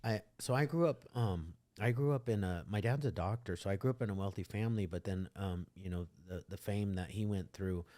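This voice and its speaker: A man's voice: lowish voice, brisk, few pauses, dark tone. A middle-aged man from the United States talking candidly on a podcast, rambling and restarting his sentences. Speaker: podcast host. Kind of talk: casual conversation.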